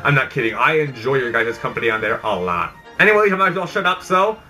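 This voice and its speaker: A man's voice: medium pitch, expressive, fast talker, bright, forceful tone. A young man hosting an unscripted opinion vlog, rambling and exasperated, with mock outrage and self-aware asides. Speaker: YouTube channel host. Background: background game music.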